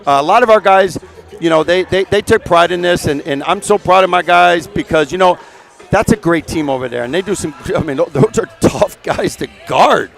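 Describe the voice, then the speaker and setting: Rambling high school basketball coach. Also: male voice, brisk, vocal fry, fairly bright tone. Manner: rambling, repeats "you know". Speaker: head coach. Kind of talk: post-game interview.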